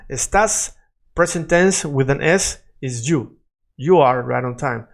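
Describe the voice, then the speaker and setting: A man's voice: medium pitch, takes it slowly, creaky, long pauses. A man teaching an online lesson, explaining in English and repeating phrases over and over for the learner. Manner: switches between English explanation and Spanish examples. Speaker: Spanish teacher.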